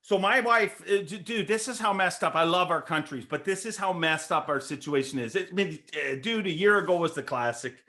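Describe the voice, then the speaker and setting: A man's voice: sits high, brisk, few pauses, pushed and bright. A man from Canada co-hosting a casual podcast, rambling and repeating words as he talks, with frequent laughs. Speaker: podcast co-host.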